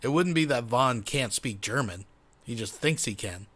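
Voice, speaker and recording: A man's voice: medium pitch, animated, normal speed, a bit bright. A man hosting a reaction video, making sarcastic, profane asides about the clip he plays. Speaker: reaction channel host.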